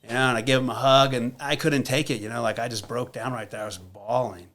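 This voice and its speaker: Candid guest, a man in his thirties, straight-talking and profane, mid pitch, fillers throughout. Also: steady tone, quick pace, fairly bright tone. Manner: blunt, profane, many filler words. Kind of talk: candid conversational storytelling.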